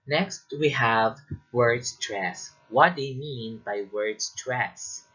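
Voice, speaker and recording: A man teaching as a lecturer in a deliberate way, often checking in with the listener. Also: mid-range voice, a bit bright, slightly rough, highs cut off. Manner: slow and deliberate, checking in with "okay?". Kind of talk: recorded lecture.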